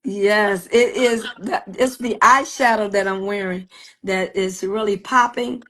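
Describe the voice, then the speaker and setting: A woman in casual livestream chat who tells stories with animated quoted voices and laughs often. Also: mid-range voice, unhurried. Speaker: guest, gospel singer and cosmetics entrepreneur. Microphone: video call.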